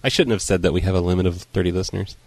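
Laid-back low-voiced male host. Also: steady tone, very fast. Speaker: show host. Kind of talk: casual chat on internet radio.

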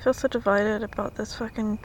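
A woman's voice: mid-range voice, steady tone, a little fast, a little hiss or hum, rough recording. A woman vlogging casually, swearing a lot and often dropping into whispers. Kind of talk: casual reaction vlog.

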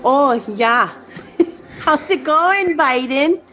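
A woman doing a comedic impression of a folksy, boastful female politician, with a drawn-out, giggly delivery. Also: high voice, animated, bright, forceful tone, soft background music, full character voice.

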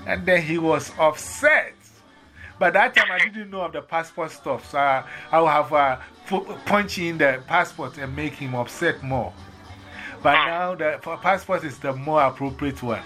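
A man's voice: fairly high pitch, moderate pace, soft background music. A man with a Ghanaian accent telling a bus story in casual chat, acting out the voices he quotes. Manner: animated, acts out quoted voices. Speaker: storyteller in conversation.

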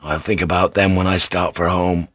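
A man playing a weary English sea captain with a low, grounded voice. He talks earnestly and plainly, close to the mic in a dry studio read. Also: level tone, moderate pace, a bit bright, no room sound. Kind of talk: audiobook character reading.

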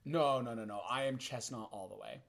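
A man's voice: medium pitch, fairly quick, fairly bright tone. A man co-hosting a casual chat show, joking around and laughing often. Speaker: podcast co-host.

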